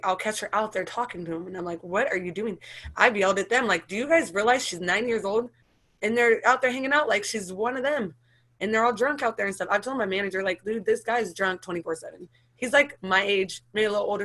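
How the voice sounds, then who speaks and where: A woman's voice: mid-range voice, fairly bright tone. A woman in her thirties with an American accent, telling her personal story in an emotional, rambling way with many restarts and nervous laughs. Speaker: interviewee.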